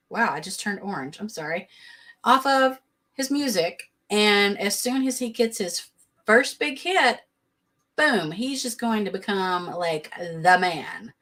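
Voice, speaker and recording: A woman's voice: medium pitch, fairly bright tone. Woman host, sassy and blunt, casual live-stream commentary. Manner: sassy, blunt, quick to laugh. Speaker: reality TV recap host.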